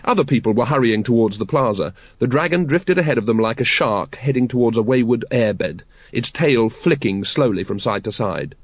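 A man's voice: medium pitch, expressive, moderate pace, few pauses, slightly rough, dry recording. Man reading a wry audiobook. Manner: dry, wry storytelling. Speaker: narrator. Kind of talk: audiobook narration. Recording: dry, dull lo-fi recording.

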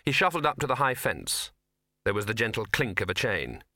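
A man reading a story aloud in an audiobook with wry, measured storytelling. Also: lowish voice, huge pitch swings, sharp tone, no room sound, studio quality. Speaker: audiobook narrator. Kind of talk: scripted narration.

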